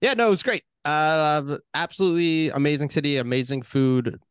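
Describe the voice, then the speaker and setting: A man co-hosting a podcast in casual chat, talking in halting bursts with many fillers. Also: fairly high pitch, clear, resonant tone, no room sound, clean studio sound. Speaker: podcast co-host.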